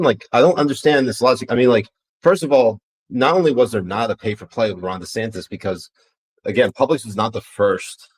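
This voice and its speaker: A man's voice: fairly low pitch, poor audio. A man co-hosting a casual political podcast, blunt and profane, rambling with frequent restarts. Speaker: podcast co-host.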